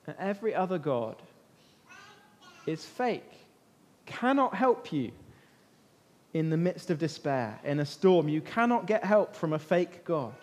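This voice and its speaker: High-voiced man teaching a Bible lesson. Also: measured pace, pauses often. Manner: animated storyteller, quizzing listeners. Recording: long echo of a large hall.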